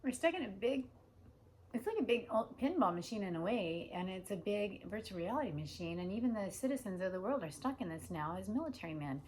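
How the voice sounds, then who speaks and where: A woman's voice: mid-range voice, lively intonation, fairly quick, darkish tone, a little hiss or hum, low-quality recording. A woman hosting an unscripted monologue who rambles and jumps between ideas. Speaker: host.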